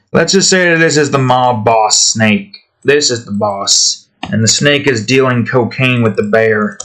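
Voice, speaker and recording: Man, art-channel host, slow rambling chat while drawing, voice neither high nor low. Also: a bit bright. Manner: rambling, trails off and restarts. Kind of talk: casual talk while drawing.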